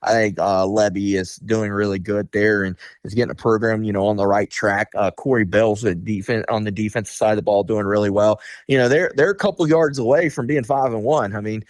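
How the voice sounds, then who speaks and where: A man speaking as a guest insider on a radio sports talk interview, candid and blunt, often filling pauses with "you know" and "um". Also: on the low side, steady tone, dry recording.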